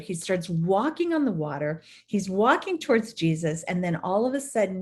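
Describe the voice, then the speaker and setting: A woman teaching a devotional Bible study who tells the scripture stories with animated, storytelling energy. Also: on the low side.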